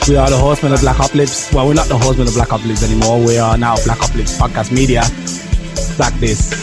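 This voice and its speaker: A man's voice: medium pitch, flat delivery, fast talker, loud music behind the voice. A man hosting a casual podcast chat, playful and teasing, often opening with "yo". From Jamaica. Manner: playful, teasing, loud interjections of "yo". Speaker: podcast host.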